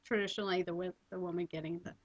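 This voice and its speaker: A woman hosting an interview show, asking questions in a friendly, halting way. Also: lowish voice, fairly even intonation, no echo, dull audio. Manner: friendly, hesitant, many ums and uhs. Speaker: radio show host. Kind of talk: interview conversation.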